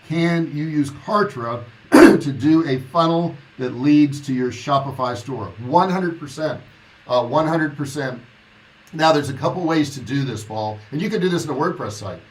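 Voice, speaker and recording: A man's voice: medium pitch, slight background noise, rough recording. A man in his sixties, an online business coach, talking casually and bluntly on a livestream, encouraging viewers and answering their comments. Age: 60s. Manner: blunt, motivational, reads viewer comments aloud.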